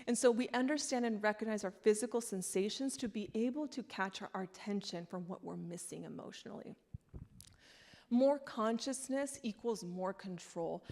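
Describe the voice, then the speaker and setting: A woman in her thirties giving a candid, conversational sermon in a church, telling personal stories with animated delivery. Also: medium pitch. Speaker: guest speaker. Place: church sanctuary.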